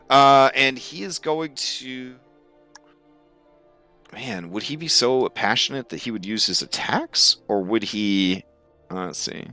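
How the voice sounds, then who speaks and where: A man narrating as game master of a tabletop game, with a relaxed, hesitant delivery full of fillers. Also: mid-range voice, slow pace, clear, resonant tone, no echo. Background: faint music.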